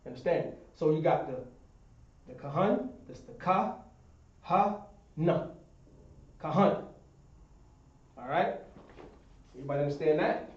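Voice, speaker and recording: A man's voice: a little high, lively intonation, a little slow, long pauses. A man teaching a Hebrew class at a board, explaining step by step and checking that students understand. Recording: echoey room, distant dull sound.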